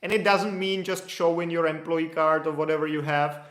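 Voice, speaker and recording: A man's voice: fairly high pitch, level tone, moderate pace, a bit bright, reverberant. A man answering viewer questions in a casual, loose explanatory way, with restarts. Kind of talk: casual Q&A livestream.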